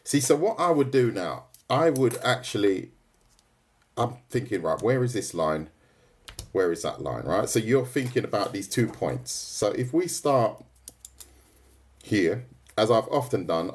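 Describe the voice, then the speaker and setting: A man's voice: fairly low pitch, sing-song, unhurried. A man leading a live drawing tutorial, chatting casually with his viewers and often checking in with "right?" and "mate". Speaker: art tutor streaming live.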